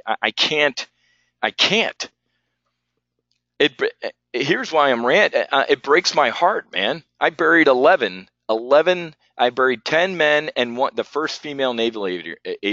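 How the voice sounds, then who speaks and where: A man hosting a live market show rants with heat and stumbles over his words. His voice is forceful and bright. The audio is dry and somewhat dull. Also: mid-range voice, no echo. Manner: heated, ranting and repeating himself. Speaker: trading show host.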